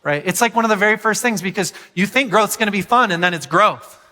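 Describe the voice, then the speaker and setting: Bright-voiced man preaching in an echoey hall. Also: sits high, quick pace. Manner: animated, asks the crowd questions. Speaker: pastor. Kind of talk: sermon.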